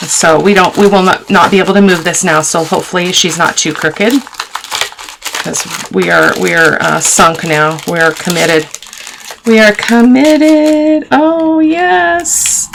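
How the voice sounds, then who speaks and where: Working through a laid-back crafting tutorial, this woman talks to her audience and pokes fun at herself. She has a deep, creaky voice, and there's noise in the background.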